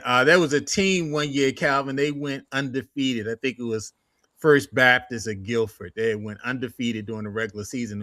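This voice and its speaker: A man co-hosting a casual sports talk show, animated and jokey, loose with slang. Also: medium pitch, no room sound, clean studio sound.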